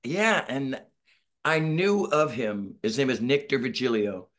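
A man's voice: mid-range voice, slow pace, fairly bright tone. A middle-aged man talking casually on a video call from home, telling a rambling story and acting out quotes. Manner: rambling storyteller, acts out quotes, self-deprecating. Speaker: band member, interview guest. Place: home, Northern California.

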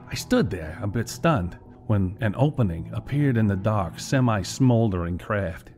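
A man narrating a first-person story in a wry, deadpan way. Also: on the low side.

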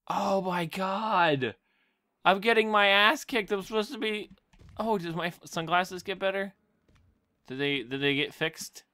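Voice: mid-range voice, clear, resonant tone. A gamer giving let's play commentary, talking to themselves, swearing and yelping at sudden events. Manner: excitable, yelps and shrieks at sudden events; talks to self, swearing and laughing. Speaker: gameplay commentator.

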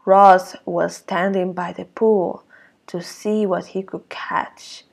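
Slow, gravelly-voiced teacher reading to children. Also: female voice, fairly low pitch. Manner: expressive, exclaiming, asks children questions. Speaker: early years teacher. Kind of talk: circle-time lesson and picture-book read-aloud for young children.

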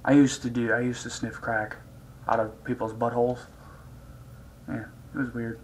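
A man rambles through a casual vlog at a hyper clip, crude and joking. His pitch sits in an ordinary middle range, with a faint hiss of noise behind him. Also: level tone, normal speed, long pauses, rough recording. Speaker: vlogger.

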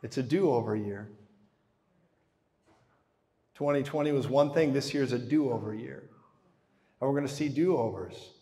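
A male preacher delivering a live sermon with a mid-range voice, telling the story with animation. He drops to hushed tones, then booms. His voice rings with long reverb through a large hall. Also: a little slow, pauses often.

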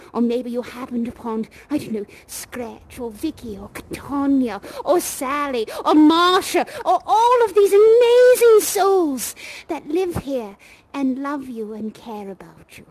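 A woman's voice: high voice, big pitch swings, a little slow, darkish tone, rough recording. A woman playing a doting, eccentric female leader of a sweepers' union in a virtual reality game, leading a theatrical, solemn oath with pet names for everyone. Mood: exuberant. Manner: solemn, ceremonial oath-giving.

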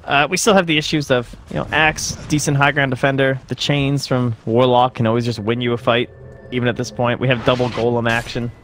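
A man casting a live video game match, casual and analytical, with slang and quick asides. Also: medium pitch, flat delivery, fairly bright tone, slight background noise. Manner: fast, casual analytical caster talk with slang. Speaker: esports caster.

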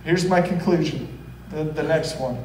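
A man's voice: fairly high pitch, moderate pace, a little mellow, roomy sound, distant mic, slight background noise, low-quality recording. A man preaching a sermon as pastor, telling the story earnestly and acting out the quoted voices. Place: church hall.

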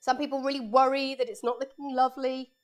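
A woman's voice: high-pitched, level tone, fast. A woman art teacher giving a live painting lesson for children in her studio, chatting and explaining each step as she draws, speaking into a lapel mic.

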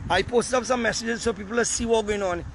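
A man's voice: high-pitched, quick pace, gravelly. A Trinidadian man making an impassioned, blunt appeal outdoors while handing out food to a crowd. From Trinidad and Tobago. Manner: ranting, pleading, blunt. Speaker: community food distributor. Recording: wind and traffic noise outdoors.

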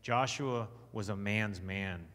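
A man with a Texan accent gives an emphatic, sermon-style teaching as a conference speaker in a church hall, and the recording carries the hall's long echo. His voice is lowish and fairly bright, his delivery slow, and he asks the audience questions and reads scripture aloud.

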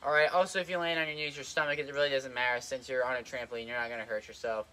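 A man's voice: medium pitch, level tone, racing, sharp tone, slight background noise. A young man giving casual trampoline tips, rambling with lots of fillers and a little out of breath. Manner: rambling, lots of "like" and "kinda", repeats himself. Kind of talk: casual instructional vlog. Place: outdoors on a trampoline.

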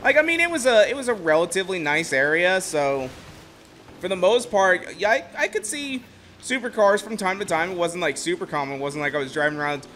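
Excitable young man streaming a racing game. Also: high-pitched, a little fast, slight background noise. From Ohio, USA. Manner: excitable, rambling storyteller. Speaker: gameplay streamer. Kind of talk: casual gameplay commentary.

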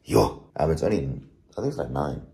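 A man's voice: extremely low pitch, sing-song, brisk, dark tone. A young man vlogging in a casual, mumbly drawl with slang, talking to a phone camera in an apartment. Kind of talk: casual vlog chat. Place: indoors, apartment. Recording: echoey room, faint noise.

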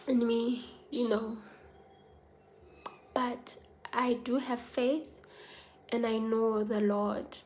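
A woman's voice: a little high, creaky, darkish tone, slight background noise. A woman with a South African accent, talking to her viewers in an earnest, confiding personal vlog. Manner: earnest, confiding, mixes languages. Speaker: vlogger.

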